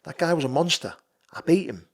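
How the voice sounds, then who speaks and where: A man's voice: a little high, animated, a little fast. Blunt, sweary North East man in his thirties. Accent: Geordie. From North East England. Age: 30s. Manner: blunt and sweary, swings between quiet and emphatic. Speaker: podcast guest, fighter. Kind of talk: casual podcast chat.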